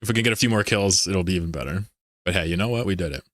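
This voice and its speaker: Low-voiced, joking male streamer. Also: racing, fairly bright tone. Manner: joking, rambling, swears casually. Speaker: game streamer. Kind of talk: casual live-stream chat.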